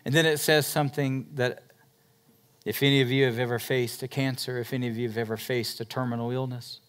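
Man preaching with loud and hushed swings. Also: medium pitch, steady tone, brisk, clean tone. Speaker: pastor. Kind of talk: sermon.

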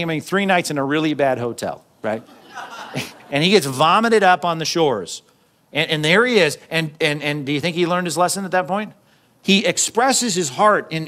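A man preaching a sermon, talking to the congregation in a relaxed, conversational way. His voice sits a little on the high side for a man. He acts out the quotes he reads and drops in jokey asides. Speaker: pastor.

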